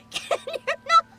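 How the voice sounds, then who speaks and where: A woman streaming a game, reacting in an excitable, giggly way and swearing freely. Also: very high-pitched. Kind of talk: casual live-stream commentary. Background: game music.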